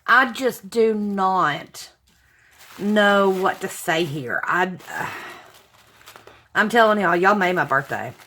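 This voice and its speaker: Brief: female vlog host, unhurried, sentimental, gushing over gifts, faint background hiss. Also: mid-range voice, lively intonation, bright, forceful tone. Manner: gushing, sentimental, exclaims often. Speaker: channel host opening viewer gifts. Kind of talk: casual unboxing chat to viewers.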